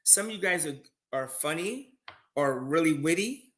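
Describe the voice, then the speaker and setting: A man's voice: a little high, normal speed. A man giving casual advice on loans and side businesses in a live conversation, telling stories with many restarts. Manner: animated storytelling, many restarts. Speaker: guest finance speaker.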